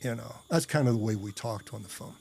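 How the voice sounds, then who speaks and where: A man tells a personal story in a casual, rambling way, full of fillers, restarts, and blunt, profane language. His medium-pitched voice moves fairly quickly, with vocal fry and a slightly rough, a little mellow quality.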